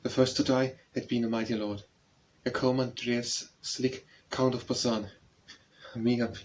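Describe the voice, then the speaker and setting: Male audiobook narrator, mid-pitched, solemn verse reading. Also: level tone, normal speed, a little hiss or hum, poor audio. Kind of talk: reading a narrative poem aloud.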